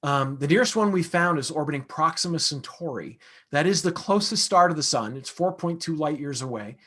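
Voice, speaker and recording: A man's voice: on the high side, expressive, brisk, a bit bright. A man, an astronomer, answering audience questions in a casual, conversational lecture with frequent fillers and restarts.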